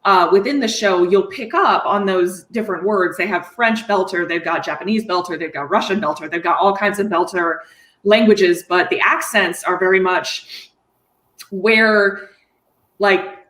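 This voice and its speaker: A woman's voice: mid-range voice, moderate pace, fairly bright tone. A woman with a Midwestern American accent, rambling through a casual convention panel chat full of fillers and restarts. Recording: roomy echo.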